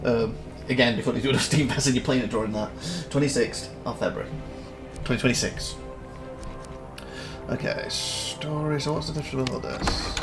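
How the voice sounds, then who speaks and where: A gaming channel host gives casual let's-play commentary on a game demo, rambling and thinking aloud as he reads through the menus. His voice is mid-range and his pace moderate, heard over loud game music.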